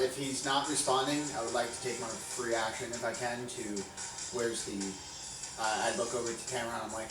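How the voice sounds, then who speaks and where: A man's voice: mid-range voice, level tone, a little fast. A man playing a tabletop role-playing game, talking brashly and joking as his dwarf character. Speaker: player. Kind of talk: tabletop role-play chat. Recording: roomy, distant, music behind.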